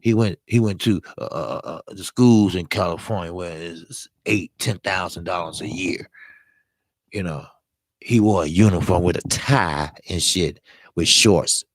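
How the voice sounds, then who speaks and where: A man with a low voice, hoarse after a long day of talking, hosts a live-streamed boxing show. He gives blunt, profane opinions with lots of emphasis and greets viewers as he goes. The sound is dry and close. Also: unhurried, no room sound. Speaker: boxing talk show host.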